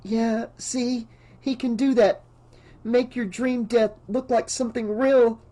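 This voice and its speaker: A man reading an audiobook, voicing a frightened young woman who cries out and pleads in a high voice. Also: animated, a little slow, mellow. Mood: frantic.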